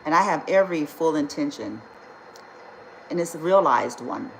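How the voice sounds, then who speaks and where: Low-voiced lady ranting on her spiritual vlog, blunt and swearing, echoey room with a faint hum behind. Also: lively intonation, normal speed. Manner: blunt, indignant, emphatic, swears freely. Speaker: spiritual healer.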